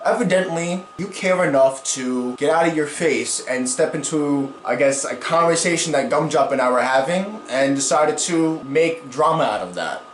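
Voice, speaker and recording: A man's voice: medium pitch, a little hiss or hum. A man talking as a YouTuber, rambling through commentary on online drama in slangy speech that swears a lot. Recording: roomy echo.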